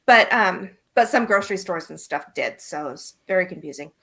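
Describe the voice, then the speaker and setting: A woman's voice: lowish voice, lively intonation, normal speed, fairly bright tone. A woman from Iowa, co-hosting a podcast in casual, laughing, swearing chat. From Iowa, USA. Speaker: podcast co-host. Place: small Iowa town home.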